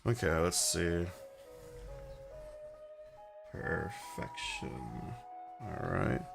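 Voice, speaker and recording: While painting miniatures on a livestream, a man rambles casually, chuckling and using lots of fillers as he reads his chat aloud and answers it. His mid-range voice is slightly bright.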